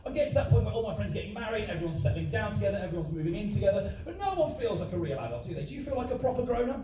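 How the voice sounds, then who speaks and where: Young man, stand-up comedian, cheeky teasing banter, high lively voice, echoey theatre, distant mic, crowd. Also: racing, background noise. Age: 20s. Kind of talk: live stand-up set with crowd work. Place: large theatre. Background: audience laughter.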